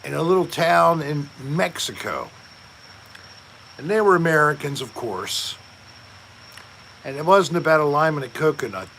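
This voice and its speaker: A man hosting a casual live stream, chatting slowly and joking while reading out viewer comments. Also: on the high side, animated, gravelly, pushed and bright, a little hiss or hum. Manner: slow, joking, reads chat aloud. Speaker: livestream host.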